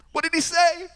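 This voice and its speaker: A male pastor preaching a sermon, telling a story with sudden shifts between loud, emphatic preaching and hushed asides. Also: on the high side. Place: church sanctuary. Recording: long church hall reverb.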